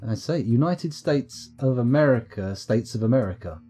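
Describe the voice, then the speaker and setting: A man's voice: medium pitch, lively intonation, normal speed, few pauses, dark tone, soft background music. A British man with a sore throat, chatting and joking self-deprecatingly as he streams a game live from home. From United Kingdom. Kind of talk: live let's-play commentary. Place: at home, upstairs room.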